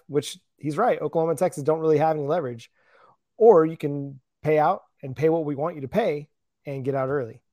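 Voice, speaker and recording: A man's voice: a little high, a little fast, darkish tone, dry recording, studio quality. A man as a guest on a sports podcast, talking casually and hesitantly, often correcting himself.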